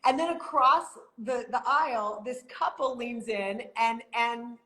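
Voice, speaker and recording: A middle-aged woman hosting a casual conversation and telling anecdotes in a lively, chatty way. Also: a little high, unhurried. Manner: animated storyteller, chatty and warm. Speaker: host. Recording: roomy echo.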